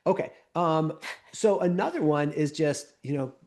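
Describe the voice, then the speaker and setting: A man co-hosting a podcast as a somatic coach, explaining calmly and often checking in with "right?". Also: fairly high pitch, moderate pace.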